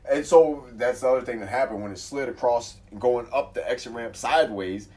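A man telling a wild, profane story in casual chat, acting out the quotes loudly. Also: medium pitch, a little fast. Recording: voice from far off the mic.

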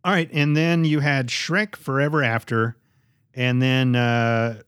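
A man's voice: medium pitch, steady tone, unhurried, a bit bright, clear, resonant tone, no echo, studio quality. A man co-hosting a podcast in casual chat, blunt and joking, swearing often. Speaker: podcast co-host.

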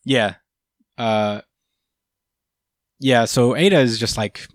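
A man's voice: medium pitch, takes it slowly, long pauses, dry recording. A man hosting a casual recap chat, laid-back, swearing freely, laughing often, with lots of fillers.

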